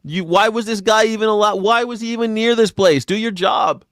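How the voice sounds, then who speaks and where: A male host ranting through casual political commentary, sarcastic and profane. His voice sits somewhat high for a man, and the sound is dry and close. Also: brisk, fairly bright tone, dry recording.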